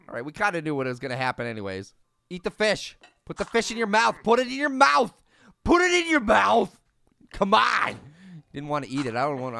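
A man's voice: sits high, vocal fry, pushed and bright, heavily acted. A man voicing a goofy, mischievous male talking orange, giving teasing let's play commentary with lots of giggles. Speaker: game commentator.

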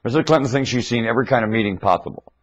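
A man rambling excitedly into his webcam microphone, jumping between thoughts. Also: medium pitch, very fast, breathy edge, lo-fi sound. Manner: rambling, excitable, often laughing.

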